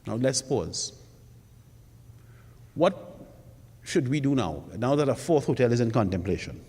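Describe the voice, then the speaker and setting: Speaking as a panelist at a public forum in a college hall, this man has a medium-pitched, dark, slightly rough voice with lively intonation and a somewhat slow pace. He is emphatic and rhetorical, stressing points through repetition, and the hall gives the recording a long reverb.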